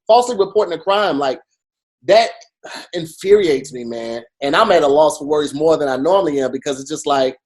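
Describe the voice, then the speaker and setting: A man co-hosting a podcast in casual chat, emphatic and animated, with many restarts as he talks. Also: fairly high pitch, a little fast. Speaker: podcast co-host.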